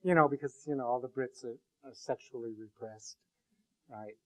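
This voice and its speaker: A male university lecturer giving a classroom lecture, rambling and joking with many halting restarts. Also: medium pitch, fairly bright tone, rough recording.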